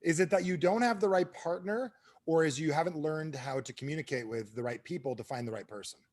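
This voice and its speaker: A man giving a motivational business talk on a training call, asking the audience questions and swinging between booming and hushed delivery. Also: a little fast. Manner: animated, asks the audience questions. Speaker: speaker at an online training call.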